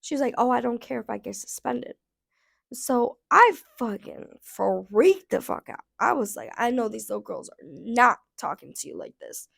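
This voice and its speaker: A woman in her thirties telling a casual storytime rant, blunt and profane, her voice going hoarse, with lots of "like" fillers. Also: a little high, lively intonation, moderate pace. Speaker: vlogger.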